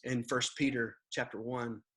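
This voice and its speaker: A man's voice: medium pitch, little pitch movement, normal speed, a bit bright, breathy edge. A man who is a pastor, talking earnestly in a casual church podcast conversation and reading scripture aloud.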